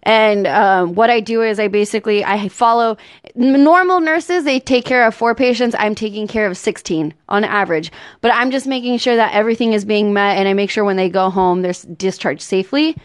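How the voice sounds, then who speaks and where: A woman comedian in casual chat, slangy and quick to laugh, telling stories from her work. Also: mid-range voice, smooth, no room sound, studio quality. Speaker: guest comedian.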